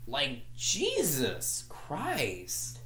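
A woman's voice: sits low, huge pitch swings, drawn-out words, a bit bright. A woman ranting in a frustrated, repetitive way, stumbling and restarting her sentences. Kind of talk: angry vlog rant. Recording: echoey room.

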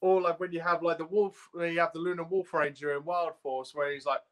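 A man's voice: a little high, fairly even intonation, fairly quick. A man co-hosting a casual podcast chat, exasperated, firing rhetorical questions and laughing often. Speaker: podcast co-host.

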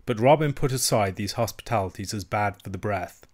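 A man narrating a classic novel as an audiobook reader, with steady, measured reading. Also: fairly low pitch. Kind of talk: scripted narration.

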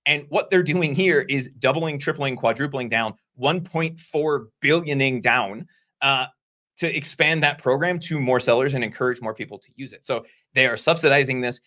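A man co-hosting a casual discussion show, explaining points in a conversational way with quick asides. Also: medium pitch, pushed and bright. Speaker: podcast co-host.

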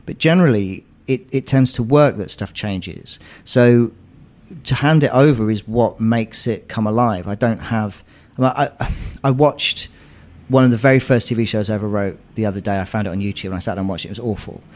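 Low-voiced man telling animated stories. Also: normal speed. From England. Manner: animated storytelling with frequent restarts. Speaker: screenwriter guest. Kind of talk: conversational interview.

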